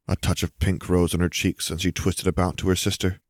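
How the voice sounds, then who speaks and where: Low-voiced man narrating a story. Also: level tone, a little fast, no room sound, studio quality. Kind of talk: audiobook reading of fan fiction.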